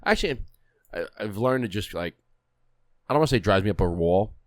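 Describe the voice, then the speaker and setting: A man's voice: lowish voice, lively intonation, brisk, no echo, studio quality. A young man co-hosting a podcast, ranting bluntly with swearing in casual chat. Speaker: podcast co-host.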